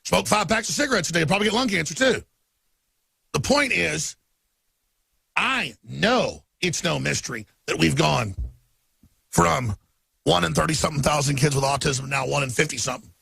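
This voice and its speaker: A man hosting a talk radio show, ranting through an emphatic monologue in a slightly high, gravelly voice. He stacks up long lists of figures and lurches from quiet intensity to angry bursts. His husky tone sits dry and close in a studio. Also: lively intonation, normal speed, long pauses, dry recording. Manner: swings between quiet intensity and angry outbursts.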